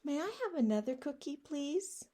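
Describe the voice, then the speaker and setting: A woman voicing a pushy, whiny male pigeon who keeps demanding things, in a loud, insistent, complaining way. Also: high-pitched, lively intonation, moderate pace, noisy background, pitched above the performer's own voice. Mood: indignant.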